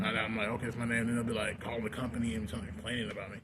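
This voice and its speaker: A man's voice: medium pitch, level tone, very fast, vocal fry. Profane rambling man venting. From Texas. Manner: loose, profane and rambling, with many fillers. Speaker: fast food worker venting. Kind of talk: casual ranting vlog. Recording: noisy background.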